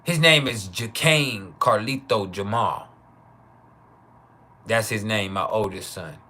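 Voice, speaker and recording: Livestream host, male, 30s, loose joking delivery with lots of laughs, bright and forceful. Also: lowish voice. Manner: loose, joking, laughs often, drawn-out names. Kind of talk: casual live chat with viewers.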